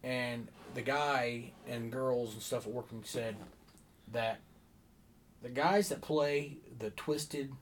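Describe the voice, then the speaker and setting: Casual podcast co-host, man, mid voice, easygoing and steady, faint noise on the track. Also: mid-range voice, takes it slowly. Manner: relaxed, steady, lots of brief agreeing replies. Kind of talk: casual chat.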